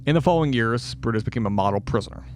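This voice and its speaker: A man's voice: medium pitch, lively intonation, rapid-fire, slight background noise. A man co-hosting a casual true-crime podcast, swearing freely, laughing and acting out quotes. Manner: profane, laughing, acts out quotes. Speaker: podcast co-host.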